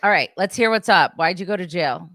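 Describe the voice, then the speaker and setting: A woman co-hosts a podcast in a relaxed, chatty way, often stopping and restarting her thoughts. Her voice is very low for a woman, and the recording is close and dry. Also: brisk, no echo. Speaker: podcast co-host. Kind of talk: casual chat.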